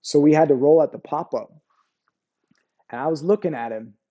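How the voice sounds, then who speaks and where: Man, 40s, veteran interview guest; low-key dark tone, loose profane storytelling. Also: normal speed, muffled recording. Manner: profane, rambling, keeps asking "you know what I mean".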